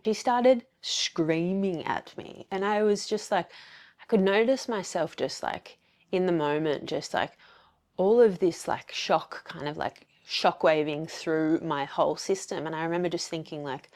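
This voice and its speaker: A woman's voice: deep voice, normal speed, a little mellow. A woman with an Australian accent hosting a solo podcast, talking candidly and reflectively with many fillers. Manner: candid, confessional, fillers and quoted self-talk. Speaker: podcast host.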